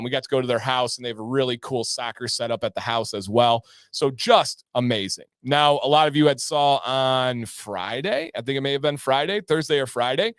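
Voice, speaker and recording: A man's voice: mid-range voice, clear, resonant tone, no echo, studio quality. A man hosting a casual livestream, talking enthusiastically and reading out viewers' names. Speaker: livestream host.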